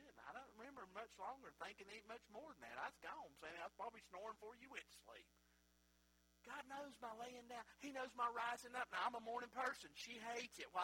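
A man preaching a sermon as pastor in a church, moving between emphatic peaks and quiet asides. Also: very high voice, slightly rough, rough recording. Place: church sanctuary.

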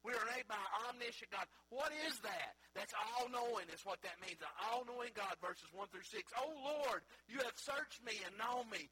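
A high, bright male voice with a husky edge delivers a sermon. He climbs to emphatic peaks, then drops to low, quiet asides, like a pastor preaching in a church sanctuary. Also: rough recording.

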